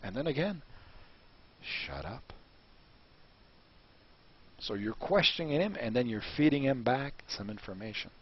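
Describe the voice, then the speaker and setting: A man teaching a coaching lesson on negotiation, animated and acting out small dialogues as he explains. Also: medium pitch, measured pace, long pauses, slight background noise. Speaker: business coach. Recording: dull lo-fi recording.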